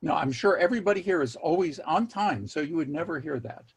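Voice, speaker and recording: Male workshop presenter on a video call, slightly raised pitch, a bit raspy, measured delivery with dry humor. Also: animated. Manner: measured, wry asides, repeats key words for emphasis. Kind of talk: online workshop talk.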